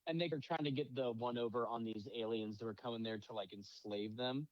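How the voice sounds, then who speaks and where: A young man co-hosting a podcast in casual movie-review chat, emphatic, quick to cut in and swearing casually. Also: mid-range voice, dry recording, highs cut off. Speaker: podcast co-host.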